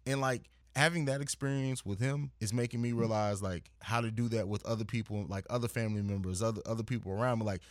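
A man's voice: on the low side, fast, hardly any pauses, no room sound, studio quality. A man speaking as a podcast guest in casual, reflective chat, earnest and thoughtful. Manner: earnest, reflective, with frequent restarts.

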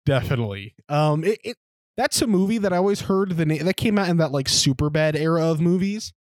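Young male co-host, slightly high voice, rambling and profane, dry close sound. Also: expressive, a little fast, a little mellow, dry recording. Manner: rambling, profane, laughs while telling stories. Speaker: podcast co-host. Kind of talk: casual chat.

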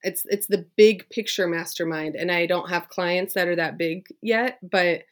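On a podcast, a woman business coach speaks at normal speed in a voice on the low side. The conversation is casual, and she's chatty and enthusiastic, filling her speech with lots of "like."

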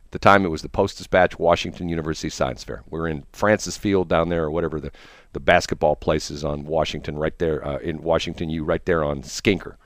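A man's voice: extremely low pitch, steady tone, fast, no echo. A middle-aged man hosting a morning radio show, telling rambling anecdotes full of fillers in a studio. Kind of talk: casual on-air chat and storytelling.

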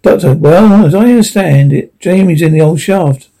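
A man's voice: a little high, normal speed, warm tone. A man voicing an eccentric, inquisitive male time-traveller in a read-aloud script.

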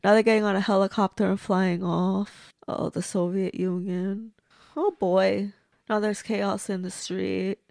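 A woman's voice: mid-range voice, steady tone, measured pace, creaky, darkish tone, dry recording, studio quality. A woman reacting to a movie as she watches it, gushing and blunt, talking back at the screen. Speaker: movie reviewer. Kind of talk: casual movie reaction commentary.

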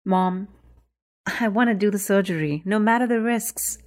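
A woman voicing a teenage boy, a joking patient who panics when he wakes up blind, pleading in a high, tearful voice. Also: moderate pace, a little mellow, natural voice. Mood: determined. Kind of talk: storybook reading.

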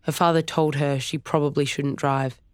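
A steady audiobook narrator reading a novel in an even, measured way. The voice is close and dry, with no room sound. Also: mid-range voice, no room sound. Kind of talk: scripted narration.

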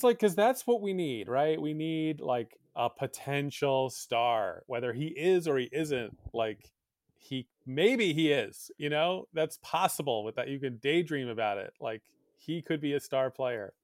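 A man in his thirties, a podcast co-host, telling a story in a lively, laughing way. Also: fairly high pitch, measured pace, no echo. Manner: animated storytelling, laughing often. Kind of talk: casual chat.

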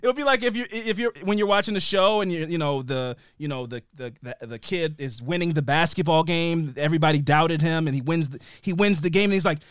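A young adult man co-hosting a podcast, recapping a TV episode in an animated, rambling way. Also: on the high side, brisk, hardly any pauses, clean tone, no room sound, clean studio sound. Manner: animated, rambling storyteller who acts out scenes. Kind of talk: casual recap chat.

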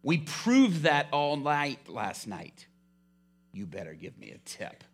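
A man voicing a weary, sarcastic fisherman who mocks the advice he is given, in a low put-on voice. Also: sing-song, soft background music, exaggerated voice. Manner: sarcastic, drawn-out mocking explanations.

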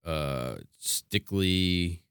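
A man with a very deep, smooth, resonant voice chats casually on a podcast in relaxed, trailing phrases. His sound is dry and close to the mic. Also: extremely slow, no echo. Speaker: podcast co-host. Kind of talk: casual chat.

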